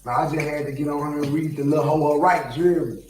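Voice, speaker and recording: A heated Southern man rants on a live stream, cursing and circling back over the same points. His voice sits a little high. He is set back from the mic in an echoey room, with faint music behind him. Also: fairly even intonation, fast, a little mellow, distant mic. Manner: profane, heated, repeats himself.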